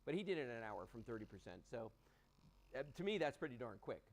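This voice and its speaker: A man's voice: mid-range voice, big pitch swings, fast, low-quality recording. A man hosting a live home shopping show, chatting enthusiastically while demonstrating a product, with frequent fillers. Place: TV studio. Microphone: earpiece and studio mic.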